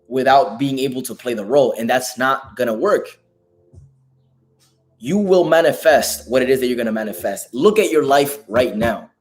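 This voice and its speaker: Hoarse male motivational host, raspy and emphatic, faint background music. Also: mid-range voice. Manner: emphatic, profane, preachy. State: hoarse from a lost voice. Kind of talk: live motivational talk.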